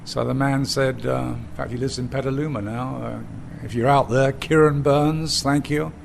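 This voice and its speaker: A man's voice: medium pitch, fairly even intonation, normal speed, vocal fry, a little hiss or hum. An older man from England with an English accent, a cider company founder telling stories in a rambling, filler-laden way as an interview guest. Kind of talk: storytelling in conversation. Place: bar of a small pub.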